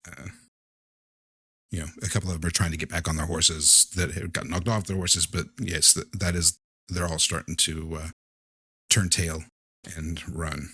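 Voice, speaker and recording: A man narrating as game master of a tabletop horror game, halting and relaxed with many fillers. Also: low voice, husky, dry recording.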